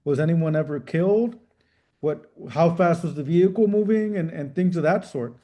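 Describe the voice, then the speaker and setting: A middle-aged man, a trial attorney, answering interview questions in a measured, careful way with frequent restarts. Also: on the high side, warm tone. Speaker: civil rights trial attorney.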